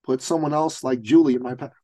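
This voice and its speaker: Speaking quickly in a mid-range voice with no echo, a business coach gives an animated story in an interview, acting out the voices of its characters.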